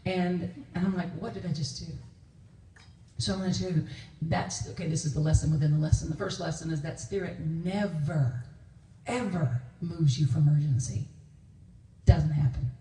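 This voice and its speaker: The guest minister here is a woman with a low, dark voice and fairly even intonation, speaking at a normal speed. Her sermon in the church sanctuary is conversational, filled with stories, laughter, and quoted voices, recorded distantly with echo and slight background noise.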